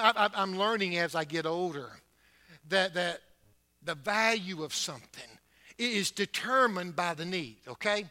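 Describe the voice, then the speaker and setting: A man preaching a sermon in a church building, with emphatic delivery that swings between loud and soft and between fast and slow. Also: high-pitched. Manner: emphatic preaching with wide swings in loudness and pace.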